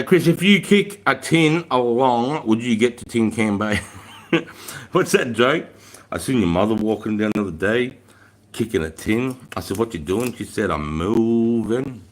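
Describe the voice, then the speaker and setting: A man's voice: mid-range voice, a bit bright. An Australian man in his thirties hosting a live stream, chatting casually, reading out comments and telling army stories with plenty of slang and swearing. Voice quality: laid-back, swears freely, lots of Aussie slang. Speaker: livestream host.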